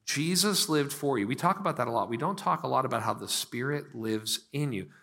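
A male pastor in his thirties from Pittsburgh delivers a sermon with a bright, forceful tone. He swings from loud emphatic bursts to slow, hushed lines, his pitch jumping high and dropping low. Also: animated, gravelly.

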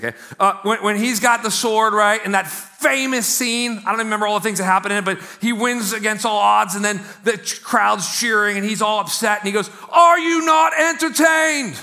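A man preaching a sermon in an animated, conversational way, with frequent asides to the congregation. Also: sits high, fast talker, hardly any pauses. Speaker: pastor.

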